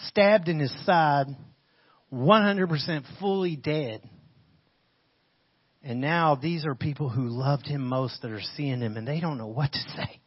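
A man giving a casual, animated sermon, retelling a scripture passage in everyday slang. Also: a little high, breathy edge. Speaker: preacher. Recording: muffled lo-fi audio.

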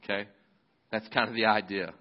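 Male pastor, lowish voice, laid-back sermon retelling, slightly dull recording. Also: fairly even intonation, normal speed. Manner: casual, conversational storytelling with fillers.

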